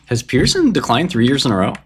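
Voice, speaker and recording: A man's voice: medium pitch, wildly swooping pitch, fast, background noise. A man livestreaming casual stock analysis at his computer, offhand and joking, swearing and laughing at himself.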